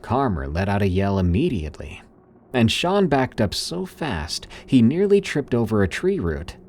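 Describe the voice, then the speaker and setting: Man, scripted horror narration, deep voice, expressive lively intonation, suspenseful. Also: normal speed. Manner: dramatic, suspenseful storytelling.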